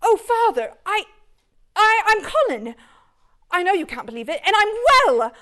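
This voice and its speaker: Woman as young Yorkshire lad, high and stammering, newly well and overjoyed. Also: big pitch swings, moderate pace, a bit bright, full character voice. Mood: eager, overjoyed. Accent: put-on Yorkshire. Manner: eager, breathless, stammering. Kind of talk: dramatic reading of a story.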